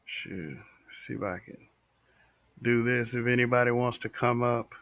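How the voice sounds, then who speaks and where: A man from the American South hosts a live stream and gives blunt opinions while answering viewers' comments. His voice sits at an ordinary middle pitch. The audio is tinny and phone-like, with no room echo. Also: steady tone, a little slow. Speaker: livestream host.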